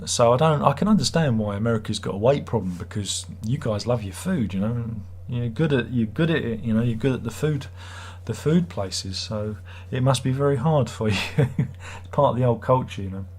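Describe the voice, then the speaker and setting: A middle-aged man with a husky, slightly breathy voice. He rambles casually through a livestream and reads out viewer comments. His replies are sarcastic and teasing, at an ordinary, middling pitch. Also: lively intonation, a little fast, hardly any pauses, a little mellow. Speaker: livestream host.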